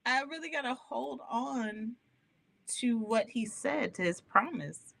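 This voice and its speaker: A woman hosting a live gospel radio show, talking to listeners in an animated, candid way and laughing often. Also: on the high side, slow pace, creaky, a little hiss or hum. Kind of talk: live-streamed radio talk, testimony.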